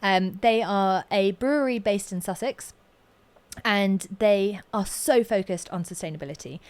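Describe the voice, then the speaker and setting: A young woman co-hosting a podcast in casual chat, upbeat and quick to chime in. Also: mid-range voice. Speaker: podcast co-host.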